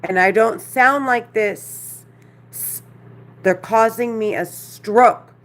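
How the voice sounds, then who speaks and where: A distressed woman talking straight to the camera in a monologue, agitated and repetitive, halting often, with a lisp. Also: fairly low pitch.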